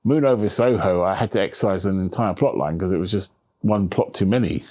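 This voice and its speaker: A man's voice: low voice, fairly quick. A man, an author being interviewed, chatting casually and acting out quoted voices with plenty of humor. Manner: animated storyteller, acts out quoted voices, swears casually. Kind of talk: relaxed conversational interview.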